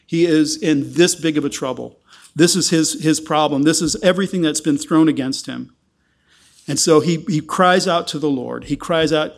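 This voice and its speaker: Earnest high-voiced male preacher. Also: lively intonation, moderate pace. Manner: earnest, repeats words while explaining a psalm. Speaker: pastor. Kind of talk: sermon.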